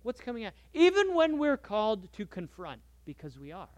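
A man preaching a sermon in a conversational way, moving between soft asides and lively emphasis. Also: high-pitched, moderate pace, no echo, muffled recording. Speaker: pastor.

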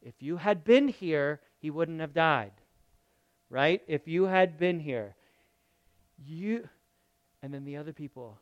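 A man preaching a sermon, asking his congregation questions and swinging from loud to very quiet. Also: a little high, lively intonation, slow pace, long pauses, no room sound, highs cut off. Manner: talks straight to the congregation with questions. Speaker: pastor.

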